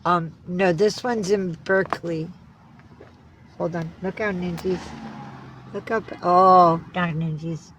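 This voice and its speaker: A woman's voice: lowish voice, steady tone, takes it slowly, fairly bright tone, a little hiss or hum, low-quality recording. A woman on a casual livestream, cooing baby talk to her cats.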